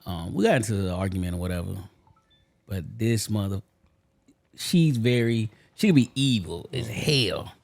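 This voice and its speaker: A man's voice: fairly low pitch, lively intonation, moderate pace, gravelly, a little mellow. A man co-hosting a podcast, telling a story in a laid-back, slangy way and laughing along. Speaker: podcast co-host. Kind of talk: casual chat and storytelling.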